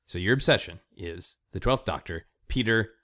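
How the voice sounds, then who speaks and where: A man hosting a podcast interview, speaking in a careful, measured way and drawing out his questions. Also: lowish voice, expressive, fairly bright tone. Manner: measured, careful, drawn-out phrasing. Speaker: podcast host.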